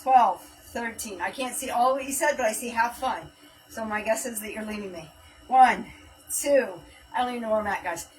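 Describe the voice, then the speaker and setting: A woman's voice: on the high side, normal speed, recorded from a distance, soft background music, poor audio. A woman hosting a live home workout stream, counting reps aloud and chatting casually while she exercises, a little out of breath. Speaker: fitness livestream host. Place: home workout space, livestream.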